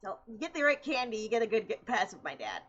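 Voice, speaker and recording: A woman's voice: fairly high pitch, big pitch swings, fast talker, a bit bright, breathy edge, lo-fi sound. A young woman streamer in casual chat, chatty and laughing often as she tells stories.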